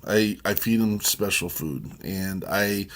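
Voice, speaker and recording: Low-pitched and slow, this man co-hosts a laid-back chat show, rambling warmly through a long tale that keeps starting over.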